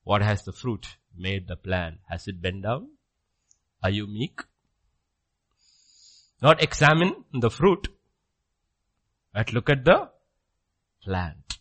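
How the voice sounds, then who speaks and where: A male preacher delivers a sermon with a wildly animated pitch, leaping from loud exclamations to hushed, almost whispered asides. His voice is bright and forceful, and he acts out little dialogues with rapid-fire questions and answers. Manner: dramatic swings between loud exclamations and hushed low asides; repeats phrases, frequent "okay?" checks.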